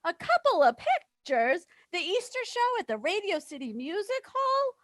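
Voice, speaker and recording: A woman's voice: extremely high pitch, huge pitch swings, moderate pace, a bit bright, dry recording, clean studio sound, heavily acted. A woman playing a jittery, flustered housewife in a stage play. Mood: anxious. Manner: jittery, breathless, keeps saying she must leave. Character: nervous, flustered suburban woman in her late thirties. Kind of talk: stage play read aloud.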